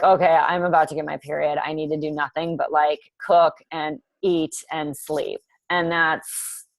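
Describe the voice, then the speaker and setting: A woman coach talks through her ideas in an easygoing, rambling way, often laughing. Her voice sits on the low side, and the recording is dry and close. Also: dry recording. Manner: chatty, laughs often, lots of fillers. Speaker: coach hosting a group call. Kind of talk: casual group coaching chat.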